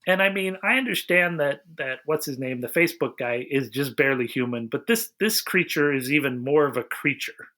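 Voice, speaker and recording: A man's voice: fairly high pitch, a little fast, hardly any pauses. A man co-hosting a podcast, rambling through a casual movie review with lots of restarts. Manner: rambling, restarts often, animated retelling. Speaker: podcast co-host.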